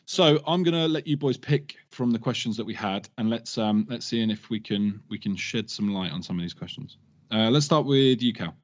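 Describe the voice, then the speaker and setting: A man's voice: on the low side, normal speed. A man hosting a casual hip hop podcast, rambling with fillers. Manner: laid-back, rambling with fillers. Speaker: podcast host. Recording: dull lo-fi sound.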